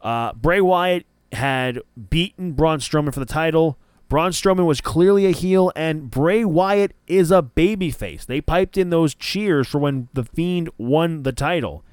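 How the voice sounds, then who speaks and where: A man's voice: on the high side, measured pace, clear, resonant tone, no echo, clean studio sound. A man hosting a casual wrestling podcast, giving opinionated takes and often correcting himself mid-sentence. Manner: opinionated, rambling with frequent self-corrections. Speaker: podcast host.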